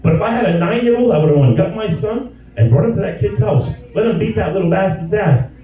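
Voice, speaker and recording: A middle-aged man doing stand-up, crude and rambling, his high voice swinging wildly up and down as he rants. He sounds far from the mic, the sound dull and washed in heavy club echo, with faint room noise behind him. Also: expressive, fairly quick. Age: 50s. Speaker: stand-up comedian. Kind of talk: stand-up comedy set. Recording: distant, dull audio in an echoey club.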